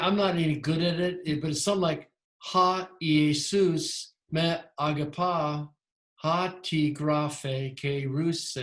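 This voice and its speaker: A man's voice: fairly high pitch, roomy sound. A man teaching a language class, explaining at length with frequent restarts and self-corrections. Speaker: Greek teacher. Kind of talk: lecturing in a class.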